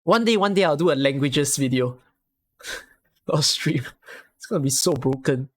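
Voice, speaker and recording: A Singaporean woman with a Singaporean English accent, chatting casually with viewers on a live stream, rambling and breaking into excited exclamations. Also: low voice, a little slow.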